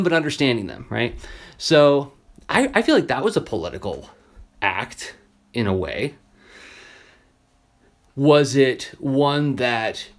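Male teacher-podcaster, casual solo monologue, animated storyteller. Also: medium pitch. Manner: animated storyteller, acts out quoted voices.

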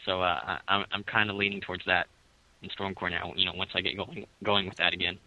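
Hesitant low-voiced man, stammering. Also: little pitch movement, a little fast, sharp tone, dry recording, low-quality recording. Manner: hesitant, stammers and repeats words, many fillers. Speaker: guest comic creator. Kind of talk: casual interview chat.

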